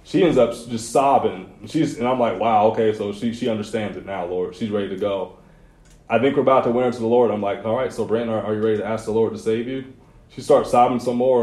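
A youth pastor with a low, slightly mellow voice moves at a quick pace through a sermon for a youth group. He keeps things loose and chatty, telling his own stories with slang sprinkled in, while the room echoes.

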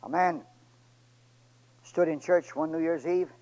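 A man preaching a sermon and retelling a story, pleading with his church and swinging between loud and hushed delivery. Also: on the high side, steady tone, a little slow, rough recording.

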